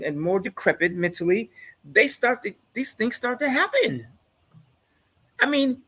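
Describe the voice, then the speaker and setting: A man's voice: high voice, fairly bright tone. Laid-back man bragging and joking. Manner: laid-back, boastful, laughs at his own jokes. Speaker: guest on a live discussion show. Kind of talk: casual chat, storytelling.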